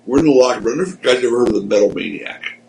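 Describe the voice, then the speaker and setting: Gravelly male storyteller. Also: mid-range voice, expressive, very fast, a little mellow, a little hiss or hum, poor audio. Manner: rambling, conversational storyteller. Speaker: interview guest, former wrestling promoter. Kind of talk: anecdotal storytelling in a casual interview.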